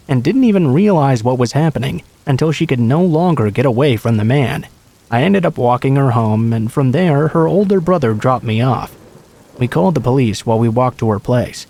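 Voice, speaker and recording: A man narrating a true scary story in a calm, even reading voice. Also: medium pitch.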